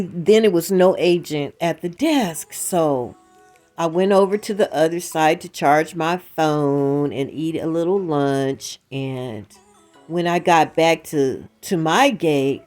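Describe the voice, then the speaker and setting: A woman hosting her own channel, telling a story casually and acting out the dialogue, with emphatic asides to the viewers. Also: low-pitched. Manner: animated retelling with quoted dialogue. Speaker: channel host.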